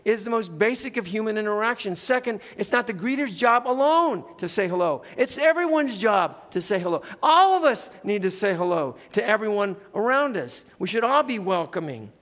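A middle-aged male pastor preaching in a church, in a relaxed conversational way, often tagging "right?" onto his points. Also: high voice, normal speed, few pauses, in a large hall. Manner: conversational, keeps adding "right?". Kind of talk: sermon. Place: church sanctuary.

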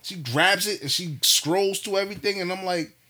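A young man telling a story in casual chat, animated and profane, acting out what people said. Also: high-pitched, normal speed.

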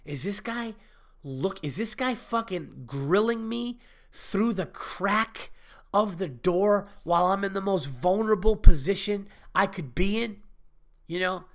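A man hosting a podcast, telling a story in a profane, animated, indignant monologue. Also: sits high, unhurried. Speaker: podcast host.

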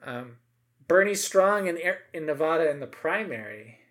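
Animated, emphatic man in political chat. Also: a little high, moderate pace. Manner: animated, emphatic, many asides and tag questions.

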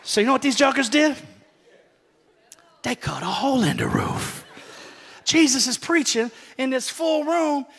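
A man preaching a lively sermon in church, acting out Bible stories in casual, slangy talk. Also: extremely high pitch, a little slow, long pauses, big-room sound. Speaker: pastor.

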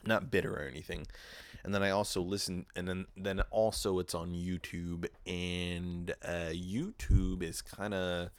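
A young man hosting his own podcast, telling a profane, animated story with mock-quoted asides. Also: deep voice, a little slow. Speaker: podcast host. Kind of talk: casual solo podcast rant. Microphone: podcast microphone.

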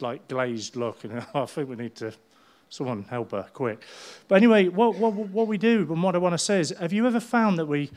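A middle-aged man, preaching a sermon as a pastor in a lively storytelling manner. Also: fairly high pitch. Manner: animated storytelling, acting out people's voices.

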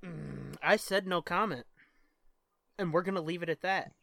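A man's voice: high voice, normal speed, gravelly, fairly bright tone, no echo. A man co-hosting a podcast in casual chat, joking and swearing freely, easily sidetracked. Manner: profane, joking, easily distracted. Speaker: podcast co-host.

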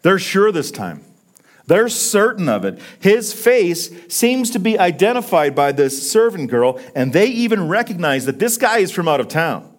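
A man preaching a sermon, swinging from loud emphatic peaks down to hushed, low lines. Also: sing-song, normal speed. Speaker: pastor.

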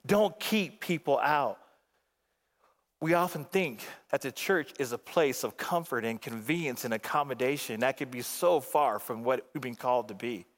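A man preaching a sermon as a guest pastor from the Phoenix area, swinging between emphatic outbursts and hushed, low passages. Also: normal speed. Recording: long hall reverb.

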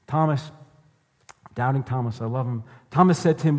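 A man delivers a sermon in an earnest, plain voice at a middle pitch and repeats his key lines for weight. His words carry a long reverb, as if spoken in a large hall. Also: moderate pace, pauses often. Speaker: pastor.

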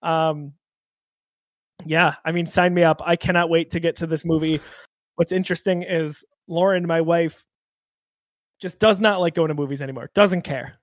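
A man's voice: a little high, steady tone, normal speed, pauses often, no echo. An enthusiastic man co-hosting a casual gaming podcast, talking upbeat about a new movie. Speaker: podcast co-host.

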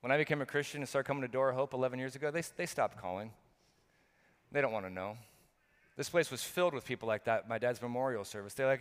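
A middle-aged man preaching a sermon as pastor, talking earnestly and emphatically with frequent restarts, swinging between loud bursts and quiet, low moments. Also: fast talker, smooth. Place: church hall. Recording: long hall reverb.

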